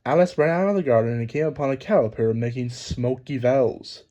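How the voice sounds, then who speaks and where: A man narrating a children's storybook aloud in a lively, expressive reading. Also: mid-range voice, fairly quick, hardly any pauses, muffled recording. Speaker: storybook reader.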